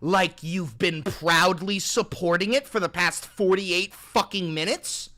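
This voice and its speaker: A man hosting a live stream, arguing with callers in a heated, profane way, swinging from calm questioning to loud outbursts. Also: high-pitched, a little slow, hardly any pauses.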